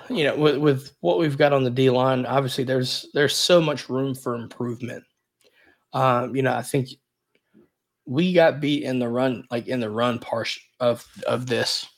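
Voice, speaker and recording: A man co-hosting a sports podcast, rambling casually and hedging often as he breaks down the team. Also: medium pitch. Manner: rambling, hedges a lot with repeated fillers. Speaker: podcast co-host.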